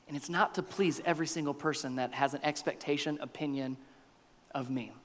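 A man preaching a sermon as pastor, swinging between loud bursts and near-whispers. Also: on the high side, moderate pace, in a large hall. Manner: animated preaching with big swings in loudness, dropping to near-whispers.

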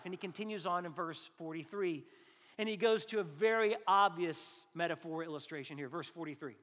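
A man's voice: on the high side, brisk, fairly bright tone. A male pastor preaching a conversational sermon with jokes, acting out little quoted voices along the way. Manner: joking, conversational, acts out quotes. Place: church sanctuary. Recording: long hall reverb.

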